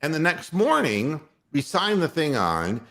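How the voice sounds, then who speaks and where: An older man hosting a talk show, telling a story with animated swings in pitch and frequent laughter. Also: a little slow. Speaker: radio host.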